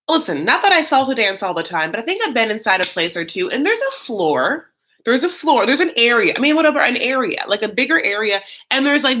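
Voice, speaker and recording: A man hosting a live reaction show, chatting casually and animatedly with lots of fillers and campy, self-mocking asides. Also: very high voice. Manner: chatty and animated, many fillers, bursts of mock voices.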